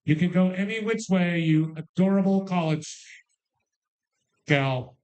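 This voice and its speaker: A man calling bingo numbers with playful rhymes and jokes, repeating each number slowly. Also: high-pitched, a little mellow. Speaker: bingo caller.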